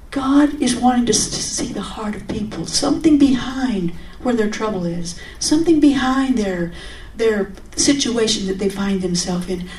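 Earnest woman preaching a testimony, roomy. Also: fairly high pitch. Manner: earnest, conversational, with sudden animated outbursts. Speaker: speaker giving a testimony. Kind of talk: testimony sermon. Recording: roomy, from a distance.

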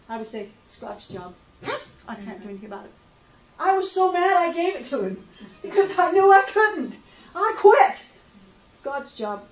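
Woman with a high voice giving an emotional testimony that swings from quiet to loud, recorded roomy and slightly dull. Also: slight background noise. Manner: impassioned storytelling that swings from hushed to loud outbursts. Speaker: speaker sharing a faith testimony.

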